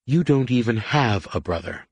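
A man's voice: mid-range voice, lively intonation, normal speed, darkish tone, breathy edge, dry recording, voice pushed up. A man voicing a wounded, furious young woman pilot in an audiobook, speaking bitter and defiant.

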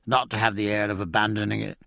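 A man's voice: lowish voice, little pitch movement, quick pace, creaky, fairly bright tone, no room sound, studio quality. A man voicing a mocking English sailor ribbing his shipmate. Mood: teasing.

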